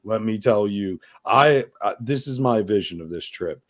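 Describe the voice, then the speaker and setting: A man's voice: lowish voice, lively intonation, normal speed. A man from New York hosting a podcast, talking in a crude, rambling, profane way. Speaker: podcast host. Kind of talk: casual chat.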